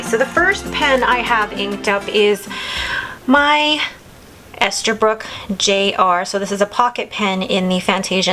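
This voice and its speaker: In a low-quality recording, a woman in her thirties talks through her belongings in a casual vlog, enthusiastic and somewhat rambling. Her voice is mid-range, pushed and bright.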